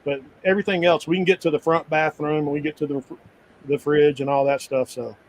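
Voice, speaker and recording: A man's voice: on the high side, fairly even intonation, a little fast, rough recording. A man in a casual live chat, telling travel stories in a rambling, easygoing way with frequent restarts. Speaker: full-time RVer guest.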